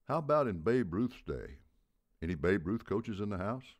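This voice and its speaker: A man with a very deep voice playing a gruff, blunt baseball coach in his seventies who barks out rhetorical questions. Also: sing-song, normal speed. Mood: barking. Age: 70s. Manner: barking, booming rhetorical questions.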